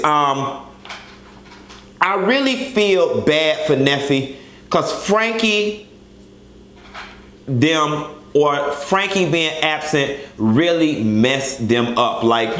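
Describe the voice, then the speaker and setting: A man's voice: fairly high pitch, lively intonation, slow pace, a bit bright. A man reviewing a reality TV show in a flamboyant, sassy and profane vlog. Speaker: vlogger. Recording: echoey room.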